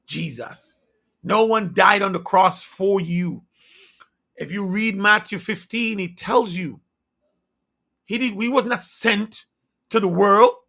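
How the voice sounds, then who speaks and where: A man delivering a sermon in a high, gravelly voice with a bright, cutting edge. He is fervent and insistent, firing rhetorical questions at his listeners. He swings between loud emphasis and hushed near-whispers. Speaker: preacher.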